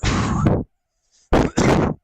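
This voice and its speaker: A man's voice: extremely slow, a little mellow, no room sound, poor audio. A young man streaming from home, in pain and short of breath, groaning and swearing as he talks to himself into a desk mic. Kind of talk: casual talk to viewers. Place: at home, indoors. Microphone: desk microphone.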